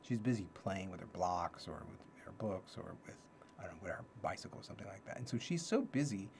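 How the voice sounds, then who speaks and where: A man's voice: low voice, expressive, fairly quick, gravelly, darkish tone, slight background noise. A man hosting a casual livestream talk, thinking aloud and repeating his key phrases. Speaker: livestream host teaching self-development ideas.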